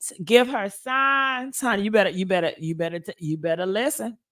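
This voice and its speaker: A woman's voice: medium pitch, brisk, fairly bright tone. A woman host, giving emphatic, preachy commentary. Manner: preachy, emphatic, calls people girl. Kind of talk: casual commentary.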